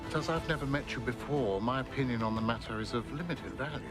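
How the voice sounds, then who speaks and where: An actor playing a pompous, condescending merchant prince in a television drama, speaking with a self-assured English RP accent. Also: male voice, mid-range voice, fast, over music, close to an everyday voice. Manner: condescending, sure of himself. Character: pompous, sneering merchant prince, middle-aged man.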